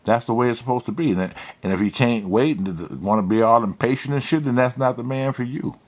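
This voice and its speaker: A man hosting a casual show, telling a personal story in profane, animated style with quoted dialogue, then giving emphatic advice. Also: mid-range voice, fairly quick.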